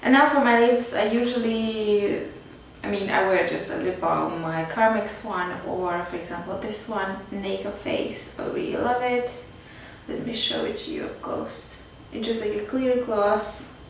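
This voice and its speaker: With a mid-range, expressive voice, a woman beauty vlogger speaks a little slowly while casually narrating her makeup tutorial. Fillers like "like" and "kinda" crop up constantly. The recording sounds very echoey, captured from a distance over faint background noise.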